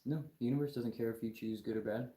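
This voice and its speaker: A man's voice: medium pitch, fairly even intonation, fast, dark tone, echoey room. A young man hosting a live stream, lecturing his chat viewers in an argumentative, mocking way. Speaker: livestream host.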